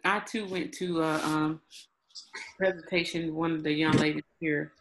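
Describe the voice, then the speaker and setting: A woman from North Carolina taking part in a class, speaking softly and hesitantly. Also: sits low, fairly even intonation, normal speed, slight background noise, low-quality recording. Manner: soft, hesitant, many you-knows. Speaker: class participant. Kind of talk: casual chat.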